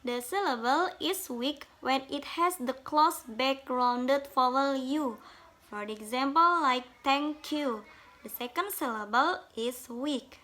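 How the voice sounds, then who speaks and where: A woman with a high, bright, forceful voice reads a presentation on syllables from her notes. English isn't her first language, so her grammar is non-native, and she speaks slowly and carefully.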